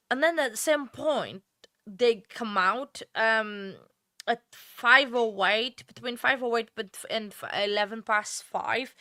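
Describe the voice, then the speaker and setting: Woman host, bright voice, dry close mic, tired, chatty crime-stream commentary. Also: a little high, dry recording. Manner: chatty, rambling, apologetic asides. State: tired, yawning. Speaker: true crime livestream host. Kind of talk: casual commentary on a court livestream.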